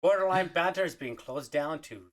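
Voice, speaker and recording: A man's voice: a little high, expressive, moderate pace. A man co-hosting a podcast in casual chat, rambling loosely. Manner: loose, rambling, lots of fillers. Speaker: podcast co-host.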